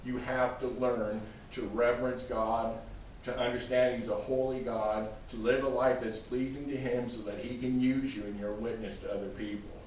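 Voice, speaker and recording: A pastor preaches emphatically, addressing members of his congregation directly by name. His voice is mid-range and darkish, recorded from a distant mic in a very echoey room with faint noise.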